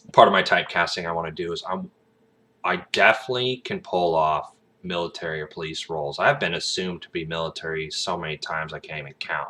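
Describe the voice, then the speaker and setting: A man's voice: sits low, pushed and bright. A man rambling casually and getting sidetracked as he talks about his acting plans, with lots of fillers. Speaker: aspiring actor vlogger.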